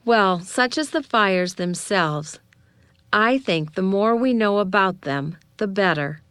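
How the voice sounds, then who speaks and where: A woman narrating a children's novel in a measured, gentle storytelling manner. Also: mid-range voice, expressive, clean tone, no echo. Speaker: audiobook narrator.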